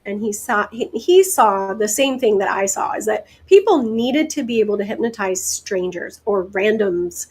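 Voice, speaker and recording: A woman from the American Deep South, a guest hypnotist telling stories in a casual interview, chatty and quick to laugh. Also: husky, poor audio. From Deep South, United States. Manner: chatty, laughs often, lively asides.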